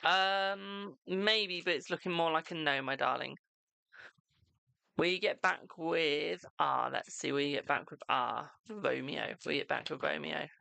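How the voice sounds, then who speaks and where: A British man hosting a casual live-stream tarot reading, reading viewers' questions aloud and answering them warmly, calling everyone "my darling". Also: fairly high pitch, gravelly, no room sound. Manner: affectionate, calls viewers "my darling"; chatty, reads questions aloud and answers quickly.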